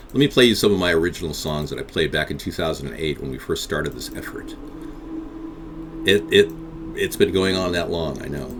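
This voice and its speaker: A man's voice: sits low, noisy background. A man hosting a live interactive talk stream, rambling and combative as he answers chat.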